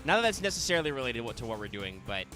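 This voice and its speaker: A man's voice: mid-range voice, very animated, very fast. A man hosting a casual gaming podcast, chatty and teasing his co-hosts with mock insults. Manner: joking, mock-insulting banter. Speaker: podcast host. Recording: music playing behind.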